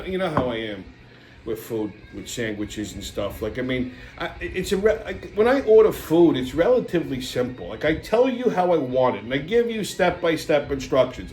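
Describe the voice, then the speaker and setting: Brash, profane New ranter. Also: male voice, a little high. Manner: brash, profane, exasperated ranting. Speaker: host. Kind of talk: comedic rant. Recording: echoey room with faint music.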